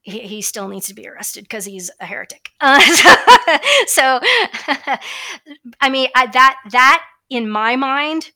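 Blunt, forceful woman on a rant. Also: high voice, normal speed. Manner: emphatic and blunt, with frequent fillers and restarts. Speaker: religious commentator. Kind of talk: opinionated monologue.

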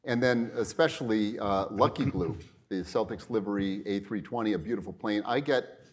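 A middle-aged man with a somewhat low voice hosts an onstage interview at a luncheon. He talks in a loose, rambling way, starting over and tossing in asides as he goes. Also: normal speed. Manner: rambling, full of restarts and asides.

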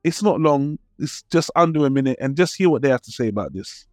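A man's voice: mid-range voice, animated, fairly quick, dry recording, studio quality, faint music behind. A man with a British accent, co-hosting a film podcast in a laid-back, casual chat that is peppered with swearing. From Britain. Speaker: podcast co-host.

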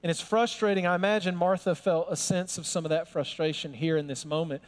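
Man, pastor, high voice, conversational sermon, humorous, emphatic. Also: steady tone, a little fast.

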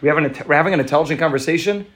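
A man's voice: on the high side, racing, fairly bright tone, a little hiss or hum, lightly acted. A man voicing a blunt, plain-spoken male villager who scoffs and fires off rhetorical questions. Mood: scornful.

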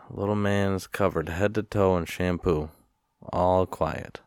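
Deep-voiced man ranting casually. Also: steady tone, takes it slowly, darkish tone, clean tone, no room sound, studio quality. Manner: rambling, profane, sighing. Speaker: vlogger. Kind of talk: casual storytelling rant.

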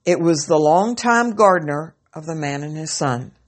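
A woman narrating a story aloud in a slow, measured reading. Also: deep voice, expressive.

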